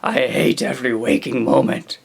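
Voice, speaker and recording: A gravelly, mournful Frankenstein monster, as a man reading the story puts him on, sounding bitter and tired of being awake. He speaks at an ordinary middle pitch with a rough edge. It is a storybook reading of the monster's lament. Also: steady tone, normal speed. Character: brooding grown male Frankenstein monster.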